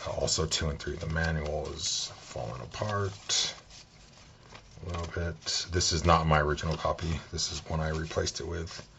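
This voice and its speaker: A man talking through his video game collection in a relaxed, soft-spoken way, thinking aloud as he goes, at home. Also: a bass voice, normal speed, vocal fry, noisy background.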